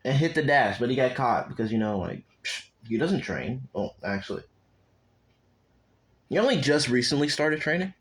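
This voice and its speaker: A man's voice: mid-range voice, expressive, moderate pace, long pauses, a bit bright, rough recording. A young man spins a fan story on the fly in a casual, unscripted way. He rambles, swears a lot and keeps stopping to talk straight to his viewers before picking the story back up. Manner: rambling and profane, with asides to viewers.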